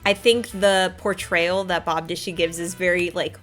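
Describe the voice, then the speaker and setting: A woman hosting a casual chat, animated and enthusiastic, often laughing as she talks. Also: fairly low pitch, normal speed, soft background music. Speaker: host.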